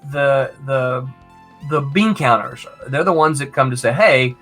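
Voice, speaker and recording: A man's voice: mid-range voice, measured pace, soft background music. A man being interviewed about his years as a comics editor, telling anecdotes and acting out the people he quotes, often checking in with "right?". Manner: animated, acts out quoted voices, tag questions "right?". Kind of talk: storytelling interview chat.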